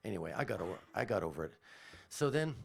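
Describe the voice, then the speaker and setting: A man's voice: on the low side, very animated, quick pace, vocal fry, a little hiss or hum. A man telling a childhood story on the radio in a rambling way, often backtracking and interrupting himself.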